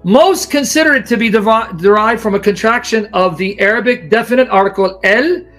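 A man's voice: sits high, fairly quick, fairly bright tone, faint music behind. A man giving a sarcastic, emphatic lecture as a Christian apologist, reacting to a video. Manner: sarcastic, then emphatic and teacherly.

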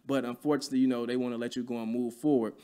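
A man in his thirties, a podcast guest, telling a story in a casual, animated way, full of slang and profanity. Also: mid-range voice, rapid-fire. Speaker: podcast guest, real estate investor.

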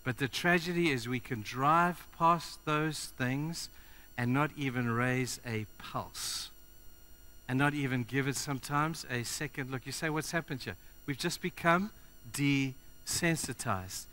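A man preaching a sermon to his congregation, speaking directly to them and moving between loud urgency and quiet earnestness. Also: mid-range voice, a little slow.

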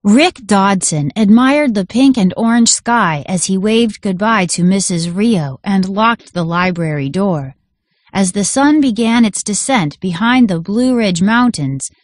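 A woman teacher reading a story aloud to a class in a clear, measured way. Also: mid-range voice, lively intonation, no room sound, studio quality.

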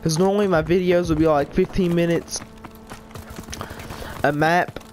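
A man's voice: a little high, steady tone, normal speed, darkish tone, slight background noise. A man giving rambling, frustrated gameplay commentary in a whiny tone. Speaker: gaming YouTuber.

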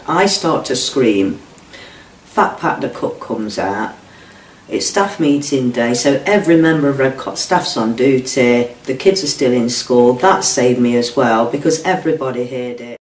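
A woman's voice: rumbling low, expressive, moderate pace, a little mellow. A woman giving blunt, emotional first-person testimony about a past ordeal, swearing freely and acting out what people said. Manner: blunt, swears freely, quotes speech in dialogue. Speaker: interviewee recounting a past ordeal. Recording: echoey room, distant mic, faint noise.

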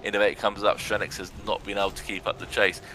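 A young man giving sarcastic, excitable commentary on a video game match and swearing now and then. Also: on the low side, quick pace, faint music behind. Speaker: arena commentator.

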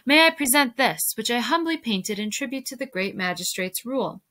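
Calm old master painter, read by a woman, measured, dry, bright tone. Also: a little high.

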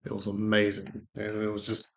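A man co-hosting a faith podcast, telling a personal testimony as a lively storyteller who acts out what people said. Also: fairly low pitch, brisk. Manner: lively storyteller acting out quoted dialogue. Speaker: co-host sharing a testimony.

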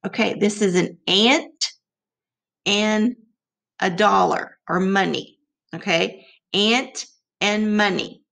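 A woman teacher leading a rhyming lesson for young children, encouraging them and repeating words slowly for them to echo. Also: mid-range voice, gravelly, a bit bright.

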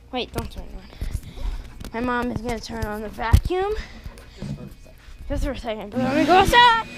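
Young woman vlogger, slow and playful, lively pitch, music bed under the voice. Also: background noise. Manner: playful, jokey, swings between loud and whispering. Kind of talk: casual vlog. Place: at home, partly outdoors. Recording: music playing clearly behind.

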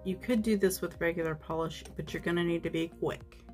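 A woman's voice: lowish voice, fairly even intonation, fairly quick, darkish tone, faint music behind. A woman narrating a nail art tutorial at home, chatty and self-deprecating, with frequent ums.

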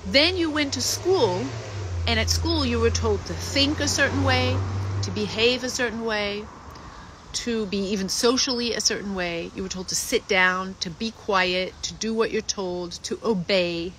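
A woman's voice: mid-range voice, measured pace, noisy background. A woman acting coach giving an emphatic teaching talk to actors, listing words in rhythmic runs.

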